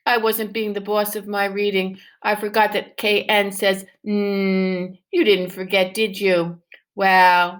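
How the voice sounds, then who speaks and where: Reading a picture book to her first graders at a slow pace, this woman speaks in a mid-range voice. She keeps the children engaged with animated encouragement and exaggeratedly posed questions.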